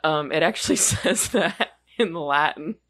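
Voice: mid-range voice, animated, moderate pace, a bit bright. A podcast co-host in casual chat about a movie, rambling with many fillers and some swearing.

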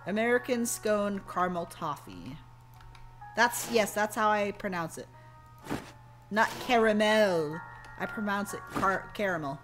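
Slow-talking, joking woman streamer. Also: mid-range voice, music in the background. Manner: joking, banters with chat and cohost. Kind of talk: casual gameplay chat.

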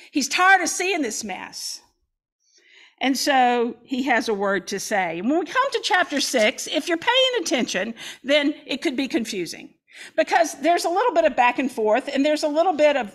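Lady pastor preaching, high voice, lively and folksy, acts out the verses. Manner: lively, dramatic scripture reading with folksy asides. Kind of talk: sermon.

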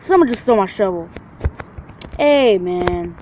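A man's voice: high-pitched, lively intonation, unhurried, long pauses, a little mellow. Brash swearing gamer guy, lo-fi. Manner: brash, trash-talking, swears constantly. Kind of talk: profane let's-play commentary. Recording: dull lo-fi recording with faint hiss.

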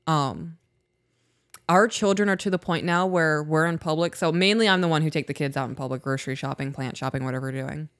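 A woman's voice: low voice, brisk, dry recording, studio quality. Candid female podcast co-host. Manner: candid, self-reflective, agreeable with many backchannels. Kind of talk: casual relationship podcast chat, reading listener emails.

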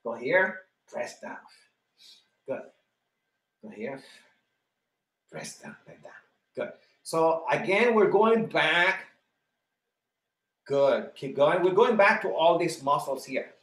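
A man's voice: fairly high pitch, lively intonation, slow pace, pauses often, fairly bright tone, reverberant. A man leading a live online exercise class, counting repetitions, cueing breathing and encouraging students by name. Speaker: fitness instructor.

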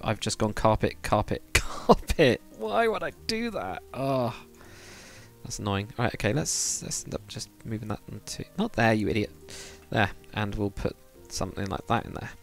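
A man's voice: lowish voice, moderate pace, gravelly, faint music behind. A man chatting casually with viewers during a game livestream, rambling and laughing often. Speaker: streamer. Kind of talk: casual livestream chat while building in a game.

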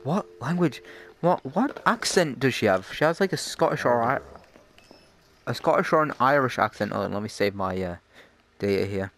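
A man's voice: medium pitch, expressive, moderate pace, a bit bright, a little hiss or hum. Chatty jokey gamer man. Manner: chatty, jokey, easily startled. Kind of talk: casual gameplay commentary.

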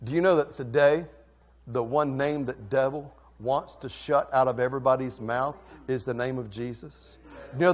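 Passionate male pastor, somewhat high voice. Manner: passionate, swings between loud and soft. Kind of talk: sermon.

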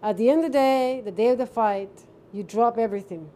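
A woman's voice: a little high, brisk, mellow. A woman hosting an interview over a video call, earnest and repetitive, building her points by listing things one after another. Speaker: interviewer, host. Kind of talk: conversational interview.

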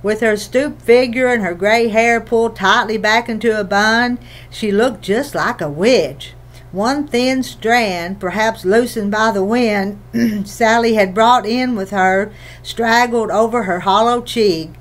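Woman reading a children's novel aloud, gentle, even storytelling, slightly high voice. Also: slow pace. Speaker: audiobook reader. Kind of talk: scripted narration of a children's novel.

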